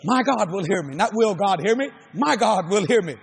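An older man with a Cajun accent preaching a sermon, emphatic and repetitive, often shouting his lines. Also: sits high, animated, normal speed, gravelly, husky.

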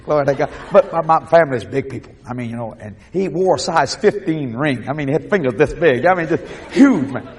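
A Cajun man preaching, telling a story animatedly, shouting out the voices he quotes and laughing often. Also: fairly high pitch, expressive, a little fast, few pauses, husky. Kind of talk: sermon storytelling.

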